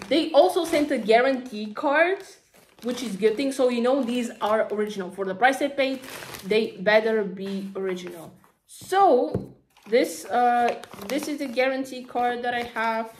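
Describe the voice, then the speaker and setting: A woman talking casually through an unboxing, excitable and chatty, gushing over each item with lots of fillers. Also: on the high side. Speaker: vlogger.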